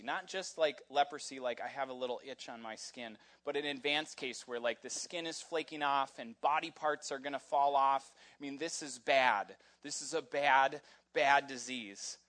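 A man preaching a sermon in a casual, animated storytelling way, with frequent fillers as he talks. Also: mid-range voice. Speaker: pastor. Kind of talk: conversational sermon.

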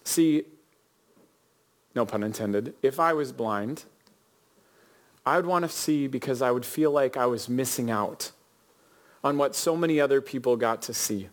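A man's voice: medium pitch, measured pace, long pauses. A male pastor preaching a sermon, telling a story and asking his listeners questions. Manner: earnest, storytelling, addresses the congregation with questions.

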